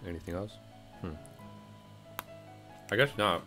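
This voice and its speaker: A man's voice: low voice, moderate pace, pushed and bright, faint music behind. A man casually reviewing game updates in a rambling way, with lots of fillers and self-corrections. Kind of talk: casual commentary. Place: home, music playing behind.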